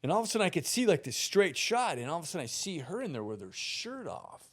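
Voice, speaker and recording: A man around sixty, a podcast guest telling a long personal story in a casual, animated way, swearing freely and laughing through it. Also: on the high side, quick pace, slightly rough. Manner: animated, profane, laughs through his stories.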